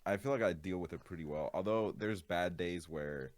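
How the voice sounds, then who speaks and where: A young man streaming, chatting casually in a laid-back, rambling way, his voice jumping high with laughter when he is outraged. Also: moderate pace, no room sound. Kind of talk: casual chat.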